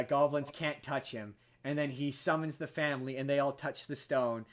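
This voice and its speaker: A podcast host casually retells a film's plot, rambling and restarting often. He slips into high-pitched voices whenever he quotes a character.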